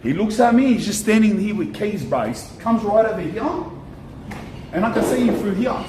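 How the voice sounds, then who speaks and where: A young Australian man tells a story on a vlog outside a shop, animated and slangy, swearing and repeating himself. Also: high voice, normal speed. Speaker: streamer. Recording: echoey with faint ambient noise.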